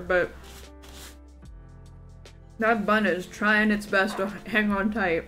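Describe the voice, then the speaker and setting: A woman's voice: medium pitch, steady tone, slow, a bit bright, soft background music, low-quality recording. A woman gaming streamer chatting casually and jokily as she plays, gushing and teasing along. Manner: bubbly, jokey, gushing. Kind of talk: casual let's play commentary.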